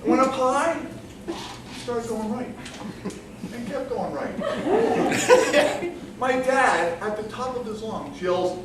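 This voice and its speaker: High, lively man telling a comic story. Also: takes it slowly, pauses often. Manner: animated storytelling with comic timing. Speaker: contest speaker. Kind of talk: humorous competition speech. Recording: echoey hall from far off, with room noise. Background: audience laughter.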